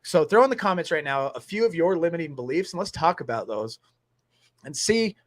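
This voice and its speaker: A man's voice: fairly high pitch, expressive, a little fast, no room sound. A man co-hosting a casual recovery livestream, jokey and encouraging. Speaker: recovery group co-host.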